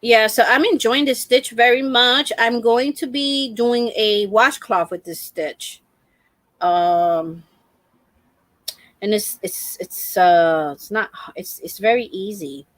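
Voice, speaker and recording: A middle-aged woman hosting a crafting live stream, telling a story in an animated, exclamatory way. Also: on the high side, slow pace, dry recording. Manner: animated, exclamatory, acts out the scene.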